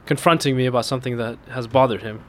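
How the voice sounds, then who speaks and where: Speaking quickly against slight background noise, a man tells a funny personal story in casual chat. He breaks into laughter as it builds, laughing through the punchline while his voice climbs high with excitement.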